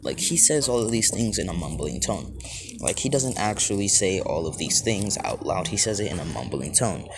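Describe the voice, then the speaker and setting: Rambling low-voiced man telling a fan story. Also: lively intonation, normal speed. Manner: rambling, heavy on filler words. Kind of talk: improvised fan-story narration. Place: outdoors. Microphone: phone held close to mouth. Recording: outdoor phone recording with noise.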